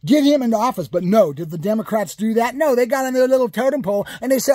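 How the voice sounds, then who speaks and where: A furious man rants straight at the camera in a high, husky voice, swearing and hammering his points again and again. The sound is dry and close, with no room around him. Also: lively intonation, quick pace, few pauses, darkish tone, no echo. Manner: heated, profane, repetitive and emphatic. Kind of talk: political rant to camera.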